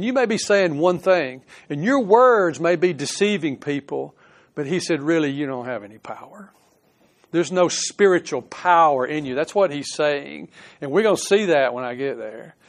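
A man preaching a sermon, reading scripture aloud and explaining it, swinging between emphatic rises and quiet conversational asides. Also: a little high. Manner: earnest, reads scripture aloud with plain commentary. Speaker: pastor.

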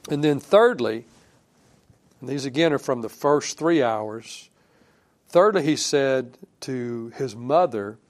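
A male preacher giving a sermon in a conversational way, thinking aloud with fillers and restarts and quoting scripture in a softer voice. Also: medium pitch, expressive, slow pace. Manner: quotes scripture in a softer, dropping voice.

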